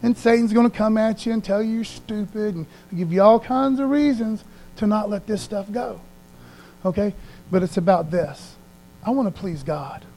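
A man's voice: high voice, normal speed, darkish tone, low-quality recording. A man, a pastor, giving a conversational sermon in an informal, earnest way, often checking in with the congregation.

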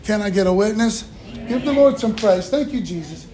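A man's voice: high-pitched, expressive, normal speed. A male pastor preaching a sermon in a folksy call-and-response style, with casual asides to the congregation. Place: church. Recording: echoey room, faint room noise.

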